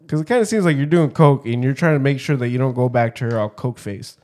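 A man's voice: mid-range voice, a little fast, few pauses. A young man telling stories in casual chat, swearing a lot and switching into Spanish now and then. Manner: profane, animated storyteller who slips into Spanish.

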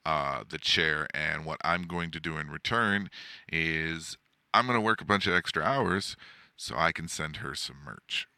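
Deep-voiced guy hosting a podcast from his desk chair, loose and swears a lot, super crisp and bright. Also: unhurried, dry recording, studio quality. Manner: loose and profane, rambling with fillers. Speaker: podcast host. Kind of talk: casual podcast chat. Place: home setup, seated in a desk chair.

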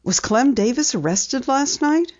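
A woman's voice: sits high, animated, measured pace, a little mellow, voice pushed up. A woman reading an audiobook, voicing an eager, persistent teenage girl sleuth who presses with questions. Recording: dull lo-fi audiobook recording.

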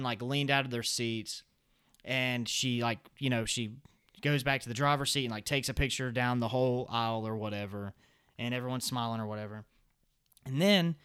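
A man's voice: medium pitch, smooth, dry recording, clean studio sound. Young Southern man, rambling story. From American South. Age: young adult. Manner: rambling, self-amused, lots of fillers. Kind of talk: casual storytelling.

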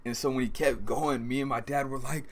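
A young man in casual sports chat, excitable and acting out his own shocked reactions with sudden high outbursts. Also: fairly quick, slight background noise.

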